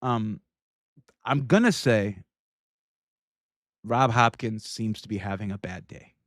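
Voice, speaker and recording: A man with a lowish voice speaks slowly on a livestream he's hosting, recorded dry with clean studio sound. He reacts to video clips with casual, irreverent commentary and laughs a lot.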